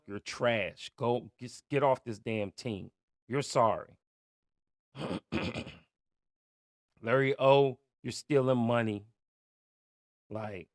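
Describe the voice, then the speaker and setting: A man hosting a podcast, ranting angrily as a sports fan, profane and heated, swinging from loud outbursts to low muttering. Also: no room sound, clean studio sound. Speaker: podcast host. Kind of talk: angry fan rant.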